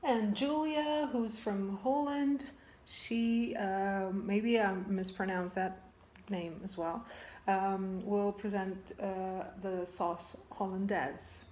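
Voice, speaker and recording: A woman's voice: mid-range voice, fairly even intonation, takes it slowly, darkish tone. A woman vlogger in casual chat, self-deprecating and chatty, often trailing off at the ends of her phrases.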